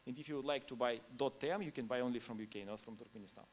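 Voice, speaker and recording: Speaking at a conference in non-native English, this man is informal and anecdotal, breaking into laughter between points. His pitch is medium and his delivery rapid-fire, with a little hiss or hum in the audio.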